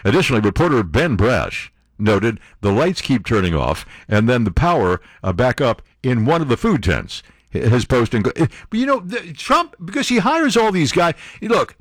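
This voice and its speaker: An older man hosting talk radio from a studio, rambling and joking between asides and little impressions. His voice swings widely up and down around an average pitch. The sound is close and dry. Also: a bit bright, dry recording. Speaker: radio talk show host. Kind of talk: casual talk radio banter.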